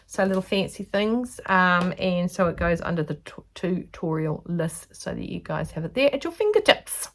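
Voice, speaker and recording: Aussie lady rambling through a sewing vlog, kinda low voice, chatty. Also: animated, moderate pace, hardly any pauses, a bit bright. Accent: Australian. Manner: rambling, chatty, self-aware. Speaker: dressmaker teaching sewing. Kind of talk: casual chatty tutorial vlog.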